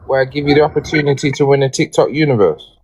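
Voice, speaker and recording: A man's voice: medium pitch, fast, a little mellow, slight background noise. A man with an English accent hosting a game on a livestream, polite and hesitant, with fillers and restarts. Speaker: game host.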